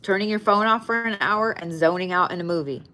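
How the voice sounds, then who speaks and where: A tired, yawning woman gives a casual weekly zodiac card reading, speaking bluntly, swearing often and repeating phrases for emphasis. Her medium-pitched voice moves fairly quickly and carries a sharp tone.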